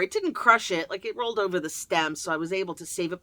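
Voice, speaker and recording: A woman chatting casually to camera as host, jokey and lively, laughing often. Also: lowish voice, quick pace, few pauses, no echo. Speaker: self-help video host.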